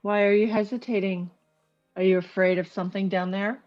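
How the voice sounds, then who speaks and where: A woman's voice: mid-range voice, steady tone, a little fast, lo-fi sound, faint music behind, close to an everyday voice. A woman voicing a proud, threatening clawed creature in a tabletop game, speaking mockingly. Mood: menacing. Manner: taunting and mocking.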